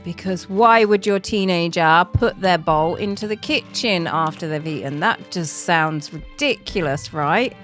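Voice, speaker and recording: A middle-aged British woman streaming a game, chatting casually and self-mockingly, laughing often and counting softly under her breath. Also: on the low side, measured pace, hardly any pauses, faint music behind. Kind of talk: casual live-stream chat while playing.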